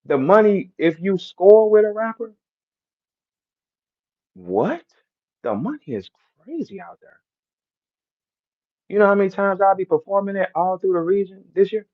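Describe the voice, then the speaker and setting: A man's voice: high-pitched, expressive, unhurried, long pauses, phone-quality sound. A man from St. Louis with a St. Louis accent, boasting and trash-talking in a brash, repetitive live-stream rant. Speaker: battle rapper hosting a live audio room.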